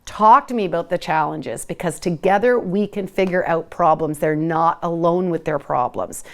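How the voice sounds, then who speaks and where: Woman, middle-aged, host, live webinar talk, animated, sing-song moments. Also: fairly low pitch, normal speed. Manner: animated, sing-song when modeling what to say to kids. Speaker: parenting educator hosting a live session.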